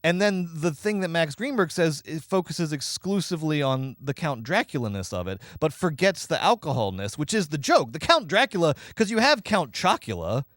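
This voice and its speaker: A man co-hosting a movie podcast, riffing sarcastically and quickly through a review. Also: fairly high pitch, no echo, clean studio sound. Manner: sarcastic, animated, rapid riffing. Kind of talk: casual movie review chat.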